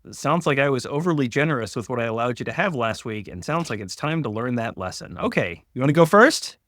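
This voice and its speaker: A man's voice: medium pitch, big pitch swings, fast, fairly bright tone, no echo. Wry man co-hosting a podcast. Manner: wry, dry humor, conversational. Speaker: podcast co-host. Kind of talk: casual sports podcast banter.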